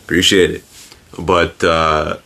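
A man's voice: deep voice, level tone, slow pace, pushed and bright. A man hosting a podcast in casual chat, rambling with fillers and restarts. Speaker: podcast host.

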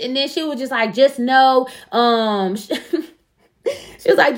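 A young woman with a fairly high voice chats casually as a show co-host. She tells a personal story bluntly and profanely and acts out the quoted back-and-forth with lively energy. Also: moderate pace. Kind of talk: casual chat.

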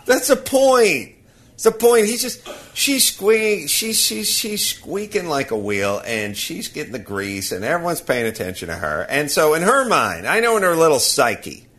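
Brief: male podcast host, rants with a laugh, bright forceful tone, higher-pitched. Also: measured pace. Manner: animated, ranting, laughing. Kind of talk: casual comic storytelling.

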